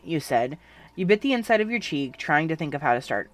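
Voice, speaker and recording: A narrator reading a second-person fan fiction story aloud in an even, unhurried way. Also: mid-range voice.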